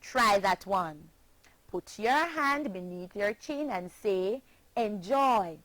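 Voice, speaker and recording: Woman teacher, Jamaican accent, very slow deliberate delivery, spells letters, dry close sound. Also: medium pitch, animated, fairly bright tone, no room sound, rough recording. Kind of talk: slow scripted phonics lesson.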